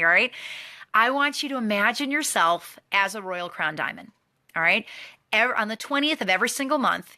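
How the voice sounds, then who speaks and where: A woman giving a motivational training talk, emphatic and energetic, repeating key phrases. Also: mid-range voice. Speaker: network marketing trainer.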